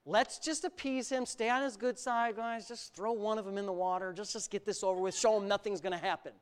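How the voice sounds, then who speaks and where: A man's voice: sits high, fairly even intonation, fairly quick, smooth, close to an everyday voice. A man putting on a grumbling weary fisherman. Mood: grudging. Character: weary grown male fisherman grumbling to his crew.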